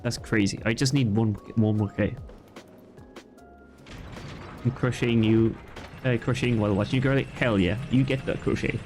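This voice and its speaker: A young Irish man with a light accent and a mid-pitched voice streams a game, chatting and rambling to his viewers. His talk is loose and full of asides, with faint game music in the background. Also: fairly even intonation, moderate pace, long pauses, a little mellow. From Ireland. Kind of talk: casual gaming commentary.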